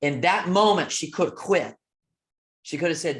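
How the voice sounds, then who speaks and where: A man coaching with a motivational talk, telling a story in an emphatic, preacher-like rhythm. He keeps asking "okay?" and moves between loud and soft. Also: a little high, normal speed. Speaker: real estate coach.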